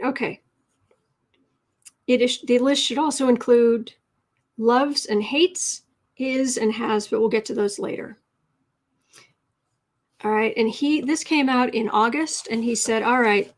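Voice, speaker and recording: A woman with a slightly high voice hosts a casual writing livestream. She chats with viewers, reads their comments aloud and corrects herself as she goes. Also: measured pace, long pauses. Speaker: livestream host and writing coach.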